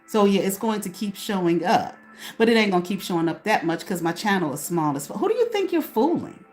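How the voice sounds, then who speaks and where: Faint music plays behind a woman whose voice sits on the low side and runs a little fast. Hosting her own small channel, she rants at someone to camera, profane and confrontational, and keeps putting questions to herself.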